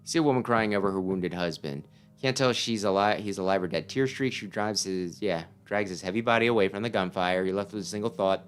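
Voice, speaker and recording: A man casually playing a game on stream, reading its text aloud and reacting with wry, swearing asides. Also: low voice. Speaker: let's-play gamer.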